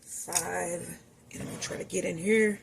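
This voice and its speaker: A woman's voice: on the low side, fairly even intonation, moderate pace, gravelly, slight background noise. A woman chatting casually to her viewers while she cooks in her home kitchen, calling them y'all. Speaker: home cooking vlogger. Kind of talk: casual cooking vlog narration.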